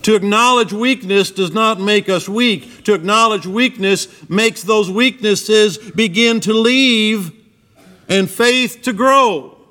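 Preaching in a church, this man speaks at a slow pace with a pushed, bright voice. As he recounts the scripture, his pitch rises and drops dramatically to drive points home.

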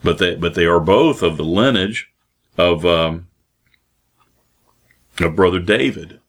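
Deep-voiced male preacher, halting delivery. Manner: halting, many fillers and restarts, acts out quoted voices. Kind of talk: sermon.

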